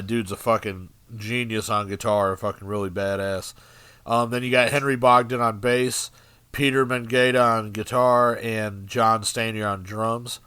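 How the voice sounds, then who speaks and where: Podcast co-host, relaxed swearing style, smooth clear voice, dry close sound. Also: male voice, fairly low pitch, no echo. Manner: laid-back, profane, filler-heavy. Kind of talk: casual podcast chat. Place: studio.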